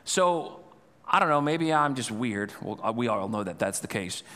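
A male pastor preaching a sermon, telling a scripture story with animated, dramatized retelling. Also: medium pitch, moderate pace. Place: church sanctuary. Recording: long reverb in a church hall.

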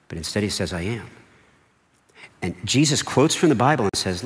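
A man's voice: on the low side, lively intonation, moderate pace, a bit bright. A man preaching a sermon as pastor, talking to the congregation in a conversational way with asides and repeated words. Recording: long hall reverb.

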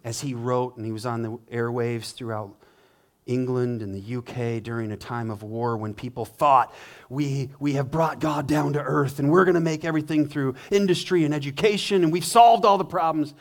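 A man who is a pastor preaching a sermon, swinging from hushed to emphatic and acting out quoted complaints in a whining voice. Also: normal speed. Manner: dramatic, acts out quoted complaints in a higher whining voice.

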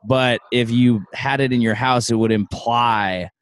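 A man's voice: mid-range voice, steady tone, measured pace, clear, resonant tone, no room sound. A man co-hosting a casual late-night podcast chat from home, rambling and musing with a wry edge. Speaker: podcast co-host.

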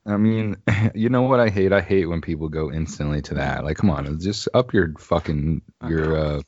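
Deep-voiced young man, loose and profane. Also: normal speed, a little mellow, lo-fi sound. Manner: loose, profane, laughs often. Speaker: podcast co-host. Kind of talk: casual chat.

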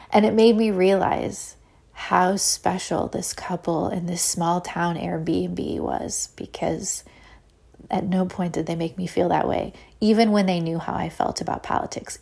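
Woman, podcast host, rambling casual storytelling, lots of fillers, slightly low pitch. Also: gravelly, slightly rough. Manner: animated retelling with acted-out quotes.

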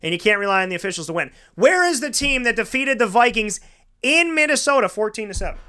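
High bright-voiced man ranting on football. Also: big pitch swings, quick pace, smooth. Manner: emphatic, ranting, repeats for effect. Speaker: sports show host. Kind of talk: opinionated football commentary.

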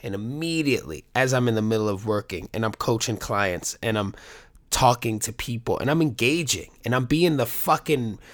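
A man's voice: mid-range voice, lively intonation, moderate pace. A middle-aged man, a coach, talking candidly to his viewers in a rambling, profane, joking way. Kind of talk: casual monologue to viewers.

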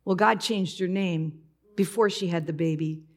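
A woman preaching in church with a gravelly, creaky edge to her voice. She talks casually and personally, moving from easy chat into tearful emotion as she tells her story. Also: fairly low pitch, normal speed, a little mellow. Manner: conversational, emotional, breaks into tears while retelling.

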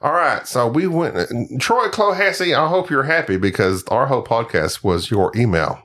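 A man's voice: mid-range voice, lively intonation, normal speed, a bit bright. A man co-hosting a casual board game podcast, talking in a playful, joking way. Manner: playful, drifts into joking accents. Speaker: podcast co-host. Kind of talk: casual chat.

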